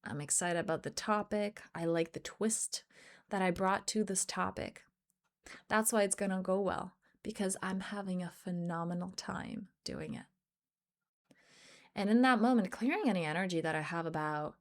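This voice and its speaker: A woman's voice: lowish voice, moderate pace. A woman life coach telling a personal story in an earnest motivational talk, acting out bits of dialogue. English is not her first language.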